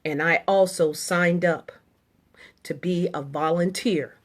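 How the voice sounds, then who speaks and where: In a slow, steady voice on the low side, a middle-aged woman veteran of the military rants indignantly about politics to the camera. She relies on short, emphatic statements that she repeats.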